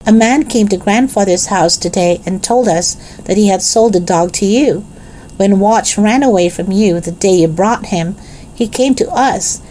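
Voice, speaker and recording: A woman voicing a sensible, earnest older boy who explains things calmly in a storybook read-aloud. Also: mid-range voice, moderate pace, a little hiss or hum, pitched above the performer's own voice, lightly acted, rough recording.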